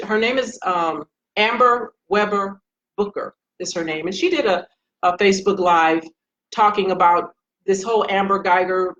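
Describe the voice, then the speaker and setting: A woman's voice: mid-range voice, a bit bright, highs cut off, slight background noise. A woman, a retired police sergeant, giving casual commentary on a Facebook Live stream. She speaks directly and earnestly, addressing viewers by name.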